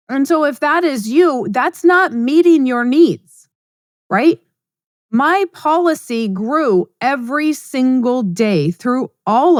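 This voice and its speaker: High-voiced woman, blunt and emphatic. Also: no room sound, clean studio sound. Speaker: podcast host. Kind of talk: casual monologue.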